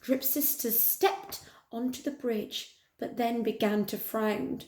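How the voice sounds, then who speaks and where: A woman teacher reading a picture book aloud to her pupils in an animated, expressive way. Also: on the high side, slow pace. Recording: echoey room.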